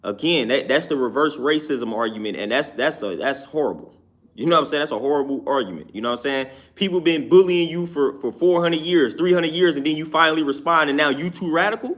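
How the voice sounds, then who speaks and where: Emphatic higher-voiced man giving opinions. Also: fairly quick, fairly bright tone. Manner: emphatic, repeats "you know what I'm saying". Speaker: YouTube commentator. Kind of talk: casual opinion talk.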